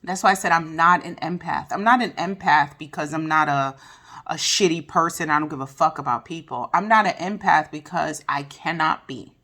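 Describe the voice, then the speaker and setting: A woman with a slightly low voice gives a casual vlog review. She talks bluntly and swears freely, drifting into side tangents before circling back to her point. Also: moderate pace, pushed and bright. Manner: candid, profane, digressive. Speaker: video reviewer.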